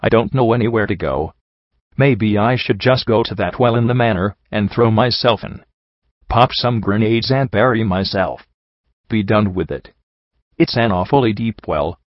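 A man reading the lines of a troubled young mare pony in a soft, sighing way, on a dull lo-fi audiobook recording. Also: fairly low pitch, moderate pace, no echo, natural voice. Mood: bleak.

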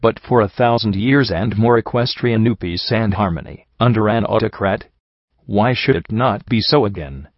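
A man reading the lines of a calm, dignified aristocratic unicorn prince in a storybook. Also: on the low side, moderate pace, no room sound, lo-fi sound, close to an everyday voice.

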